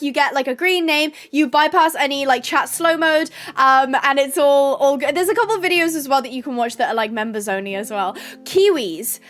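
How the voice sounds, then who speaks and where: A woman's voice: sits high, fairly bright tone. A young woman hosting a casual livestream from her room, reading chat messages aloud in a bubbly, chatty way and laughing often. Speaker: livestream host. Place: bedroom.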